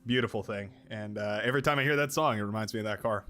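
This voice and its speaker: A man's voice: fairly low pitch, fast talker, bright, forceful tone, faint music behind. A man streaming a strategy game, chatting casually and rambling into joking asides while he plays. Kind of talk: casual gameplay commentary.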